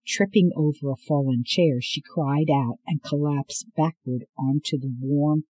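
A man reading an audiobook as narrator in a steady, measured way. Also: mid-range voice, slightly rough, dry recording, rough recording. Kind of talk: scripted narration.

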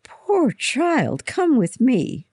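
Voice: high voice, wildly swooping pitch, slow pace, slightly rough, no room sound, studio quality, pitched above the performer's own voice, heavily acted. A reader voicing a stern but caring older nun who scolds and then comforts. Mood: tender.

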